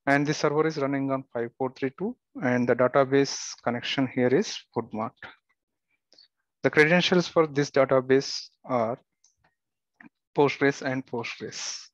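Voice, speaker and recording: Male tutorial instructor, even mid pitch, dry muffled lo-fi mic, plain walkthrough delivery. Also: a little slow, no echo. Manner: steady step-by-step instructions with occasional fillers and restarts. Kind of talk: screen-recorded software tutorial.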